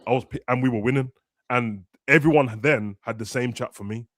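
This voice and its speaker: A man's voice: medium pitch, a little fast, fairly bright tone, dry recording. A young man, chatting casually and ranting animatedly as a football podcast host. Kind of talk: casual chat.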